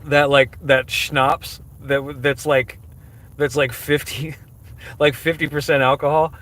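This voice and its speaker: A man's voice: fairly high pitch, little pitch movement, measured pace, fairly bright tone. Casting note: male streamer, rambling casual chat with viewers, wry and self-mocking, lots of ums and restarts. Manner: rambling, heavy on fillers and restarts. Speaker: livestreamer answering chat questions.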